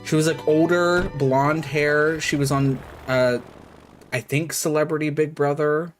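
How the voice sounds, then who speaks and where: A man's voice: on the high side, steady tone, measured pace. A man streaming a game, chatting casually and rambling with lots of filler words. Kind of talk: casual live-stream chat while gaming. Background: background game music.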